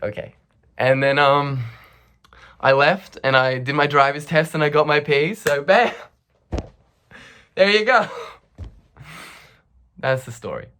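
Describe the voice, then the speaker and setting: A man telling a comic storytime monologue on a vlog, laughing and swearing as he acts out the quotes. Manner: animated, laughing, profane, acts out quotes with big pitch jumps. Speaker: vlogger.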